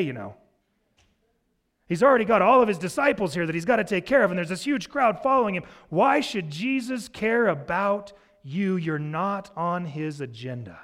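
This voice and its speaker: A man's voice: a little high, lively intonation, a bit bright. A man doing an impatient scolding crowd. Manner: exasperated, quick scolding.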